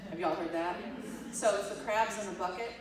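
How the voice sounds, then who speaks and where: Animated woman speaker in echoey hall. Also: on the low side, a little fast, crowd noise. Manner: animated storytelling, acts out quotes. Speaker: keynote speaker, professor. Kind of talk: conversational keynote talk. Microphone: distant room mic. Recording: echoey hall, distant mic.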